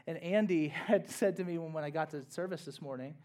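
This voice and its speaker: A man's voice: on the high side, fairly quick, darkish tone. A young man, a pastor, giving a conversational sermon with casual asides and rising bursts of energy.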